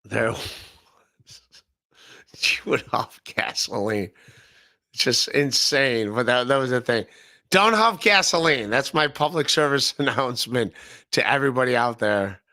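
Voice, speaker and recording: A man's voice: medium pitch, a little slow, long pauses, bright, forceful tone, dry recording, clean studio sound. A man in his thirties from Northeast Ohio hosting a podcast, rambling casually and profanely to his chat, laughing often and repeating himself. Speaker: podcast host. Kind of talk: casual livestream chat reading chat comments.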